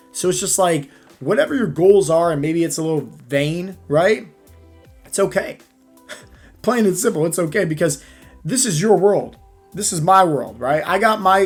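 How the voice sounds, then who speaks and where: A man's voice: fairly high pitch, a little mellow. A man giving a casual motivational talk as a fitness coach, conversational and full of "right?" and "like". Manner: conversational, leans on fillers like "right?" and "like".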